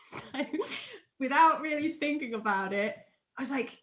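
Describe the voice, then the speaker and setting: A middle-aged woman, an NLP trainer, explaining a method and telling a personal story in a chatty, animated way, laughing often. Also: high-pitched, measured pace. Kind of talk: teaching explanation with personal anecdote.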